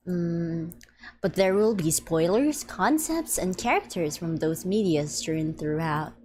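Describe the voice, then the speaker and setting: A young woman streaming a game, chatting playfully, giggling often and reading game text aloud, her voice a little deep from just waking up. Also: a little slow, darkish tone, slight background noise. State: slightly deep morning voice. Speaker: VTuber streamer. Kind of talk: casual live-stream chat. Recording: faint music behind.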